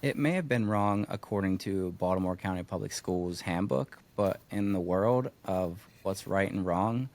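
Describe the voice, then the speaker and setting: A man hosting a podcast, talking in a relaxed, loose way with many filler words. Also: sits low, moderate pace, few pauses. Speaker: podcast host. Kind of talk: casual chat.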